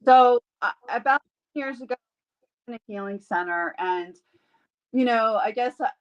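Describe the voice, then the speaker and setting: A woman guest in a casual interview, an animal communicator and Reiki healer telling lively stories and acting out the voices she quotes. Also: fairly high pitch, measured pace, muffled recording. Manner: animated storyteller who acts out quoted voices.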